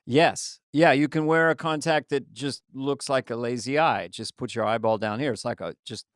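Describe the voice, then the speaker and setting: A man's voice: medium pitch, no room sound, studio quality. A man co-hosting a podcast, joking and playful in casual chat. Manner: playful, joking, quick with bits. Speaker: podcast co-host.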